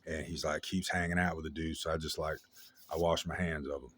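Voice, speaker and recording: A man telling a story in a casual, slangy way, with halting restarts and lots of fillers. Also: rumbling low, steady tone, fairly bright tone.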